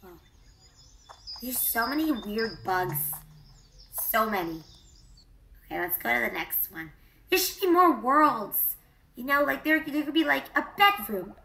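Woman, VTuber, casual game commentary, excitable, bright tone. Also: on the high side, a little slow, gravelly, long pauses, rough recording. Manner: excitable, squealing and gasping at animals. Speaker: VTuber streamer.

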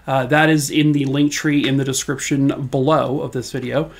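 A young man telling true crime stories in a casual, chatty vlog, full of fillers and slightly hoarse as he loses his voice. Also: medium pitch, flat delivery, normal speed. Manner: chatty, filler-heavy, self-deprecating.

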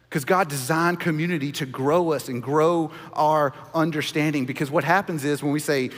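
A man in his thirties preaching a sermon as pastor, earnest, dropping to a hush on key points. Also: on the high side, a little fast, few pauses, big-room sound.

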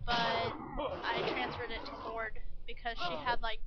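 A woman giving casual, excitable commentary while playing a game, often squealing when surprised. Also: fairly high pitch, a little slow, heavy background noise. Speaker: gamer. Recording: lo-fi mic with game music behind.

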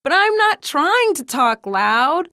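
A woman voicing a loud, excitable talking toy cell phone in a children's storybook, speaking in an eager, shouty way. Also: sits high, slow, no echo, clean studio sound, voice pushed up, exaggerated voice. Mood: excited, loud.

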